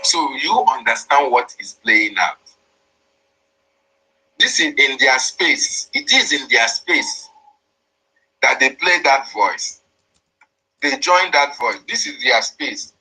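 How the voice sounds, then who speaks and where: Husky man explaining things step by step. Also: mid-range voice, big pitch swings, slow, pauses often, bright, forceful tone, low-quality recording. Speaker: online media commentator. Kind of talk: explanatory commentary.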